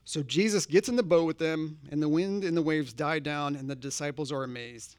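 A man's voice: a little high, a little fast, darkish tone, clear, resonant tone, dry recording, clean studio sound. A man preaching a sermon, earnest and conversational, posing direct questions to his congregation. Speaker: pastor.

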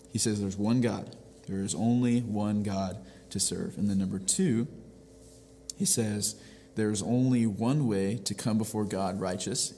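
Pastor, male, lower register, earnest explainer, reverberant room with a faint background hum. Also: mellow. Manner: earnest, explains step by step with frequent restarts. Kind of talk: devotional teaching.

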